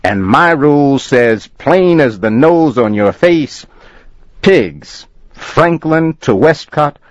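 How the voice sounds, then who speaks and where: A man voicing a stubborn, gruff express agent, firm and insistent. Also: on the high side, lively intonation, takes it slowly, no room sound, voice pushed up. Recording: dull lo-fi recording.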